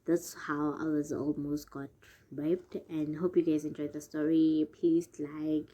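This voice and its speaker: South African woman, casual vlogger, lowish warm voice, chatty with viewers. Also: little pitch movement, unhurried. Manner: chatty, addresses viewers as guys. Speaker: YouTuber. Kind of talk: casual storytime vlog.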